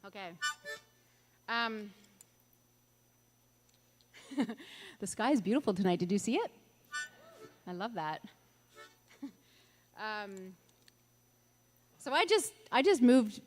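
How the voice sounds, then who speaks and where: A woman's voice: medium pitch, big pitch swings, slow pace, pauses often, long reverb tail, faint music behind. A middle-aged woman from Ontario, a singer-songwriter chatting between songs on an outdoor festival stage, rambling with lots of fillers and laughs. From Ontario, Canada. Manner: rambling, laughs often, many fillers and restarts. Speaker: singer-songwriter performing live.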